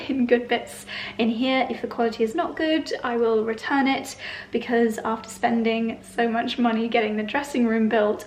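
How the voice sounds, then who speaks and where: Brief: young woman, home vlogger, slightly high pitch, chatty and gushing. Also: a little hiss or hum. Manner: chatty, fond of gushing over deliveries. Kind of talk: casual vlog chat.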